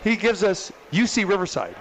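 A man hosting a casual sports betting chat, telling animated stories and acting out what others said. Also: normal speed, slight background noise. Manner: animated storyteller, acts out quotes with loud high bursts. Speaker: sports betting show host.

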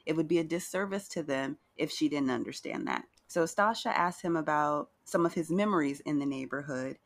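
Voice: medium pitch, a little fast. A podcast co-host giving a chatty, casual recap of a reality show, with playful asides and acted-out quotes.

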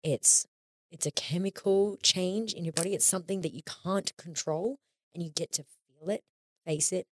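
Candid woman, low voice, dry sound. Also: moderate pace, dry recording. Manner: candid, swears freely, acts out quoted inner voices. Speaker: podcast guest. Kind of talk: casual conversation.

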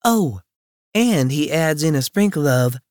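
A man's voice: fairly high pitch, animated, unhurried, darkish tone, dry recording, studio quality, pitched above the performer's own voice. A man voicing a friendly, teasing young woman who gossips bluntly and freely. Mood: chatty.

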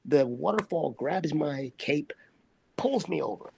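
A man, an actor guest, telling a set story in conversation as an animated storyteller who acts out the quotes. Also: on the high side, unhurried, gravelly, slight background noise.

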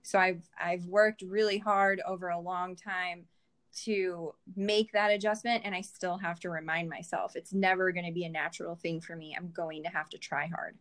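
A woman's voice: fairly low pitch, steady tone, normal speed, a bit bright. A woman guest in a casual podcast interview, telling personal stories in a candid, reflective way.

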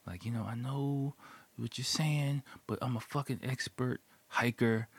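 A man's voice: medium pitch, steady tone, a little slow, slightly rough, voice pushed up. A man voicing a pushy, stubborn male hiker who insists and swears. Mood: insistent.

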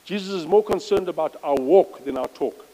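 Guy giving a casual sermon, high voice, hall echo, reads verses with punch and fixes his slips as he goes. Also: moderate pace, warm tone. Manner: conversational, reads scripture aloud with emphasis, self-correcting asides. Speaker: lay preacher. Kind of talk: informal church sermon. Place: church.

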